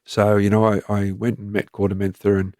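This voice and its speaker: In a lowish, completely flat voice with a darkish tone, a guest speaks a little fast. He's a retired police commander in his fifties with an Australian accent, telling candid stories plainly and conversationally, on a dry, clean studio recording.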